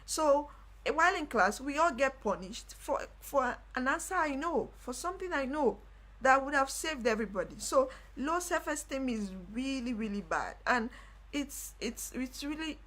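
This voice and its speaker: A young woman hosting a live stream, telling a personal story in casual talk with animated delivery and repeated phrases. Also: sits high, moderate pace. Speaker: livestream host.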